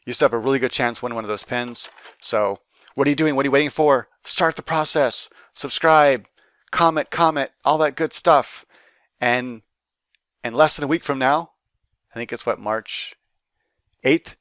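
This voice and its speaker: A man's voice: mid-range voice, a bit bright, smooth, no echo. A man chatting casually to camera as an art teacher, upbeat and rambling with lots of fillers and restarts. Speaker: art teacher and YouTube host. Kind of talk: casual giveaway chat to camera.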